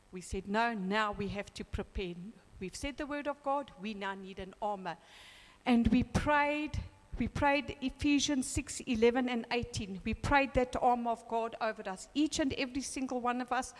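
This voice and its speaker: A woman's voice: fairly high pitch, in a large hall. A middle-aged woman gives a heartfelt church testimony, quoting scripture and retelling prayers with emotion. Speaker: church member giving testimony.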